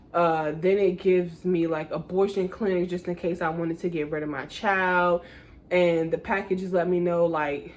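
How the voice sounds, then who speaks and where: A woman in her twenties telling a casual storytime to her viewers, acting out her own panic in quotes and calling them y'all. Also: mid-range voice. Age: 20s. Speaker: vlogger. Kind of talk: storytime vlog.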